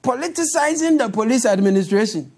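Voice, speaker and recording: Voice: mid-range voice, lively intonation, fairly quick, a little mellow, a little hiss or hum. A news show host with a Ghanaian accent, delivering satirical commentary in a sarcastic, mocking way. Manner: sarcastic, mocking, laughs at clips.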